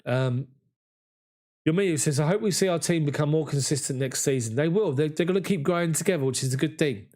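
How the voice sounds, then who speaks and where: A man, hosting a live fan chat after a match and reading viewer comments in an excitable, chatty way. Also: on the high side, fairly quick. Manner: excitable, chatty, mimics voices in anecdotes. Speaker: fan channel host.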